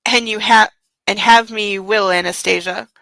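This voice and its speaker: A woman voicing a controlling, possessive young husband, speaking low and commanding. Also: steady tone, normal speed, vocal fry, sharp tone, no echo, rough recording.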